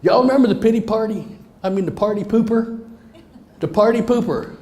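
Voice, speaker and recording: A middle-aged motivational speaker tells a humorous personal story straight to a live crowd, folksy and joking. His high-pitched voice has a darkish tone and runs a little fast, with roomy hall reverb and faint noise in the recording.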